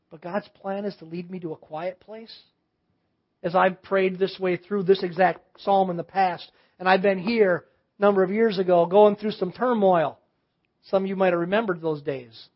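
A male pastor preaching a sermon in a reflective way, slowing down and dropping to a hush when he reads scripture aloud. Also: high-pitched, steady tone. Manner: reflective, slows and drops to a hush for quiet reading. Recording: dull lo-fi sermon audio.

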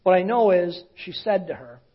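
A male pastor preaching in a conversational storytelling way, often dropping to a hushed voice. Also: sits high, expressive, normal speed. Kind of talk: sermon storytelling. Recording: dull lo-fi sound.

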